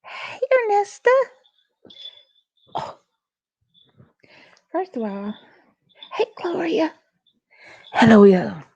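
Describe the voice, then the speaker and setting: A woman's voice: on the high side, very animated, extremely slow, vocal fry, pauses often, warm tone, breathy edge, muffled recording. A woman co-hosting a casual livestream, half-whispering and chatting into a tiny clip-on mic. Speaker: livestream co-host. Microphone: small clip-on mic.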